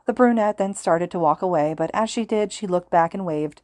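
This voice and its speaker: Woman narrator, fan fiction reading, low voice, calm steady pace, dry sound. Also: brisk, hardly any pauses, no echo. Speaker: podfic reader.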